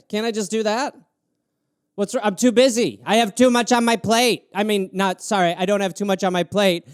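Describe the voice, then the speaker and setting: A man with a fairly high voice riffs alone on viewer prompts, sarcastic and animated. The sound is dry and close, with no room around him. He jumps between rants and quick mock asides. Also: clear, resonant tone, dry recording. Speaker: comedian host riffing on viewer prompts. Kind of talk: solo improvised comedy riff on a livestream.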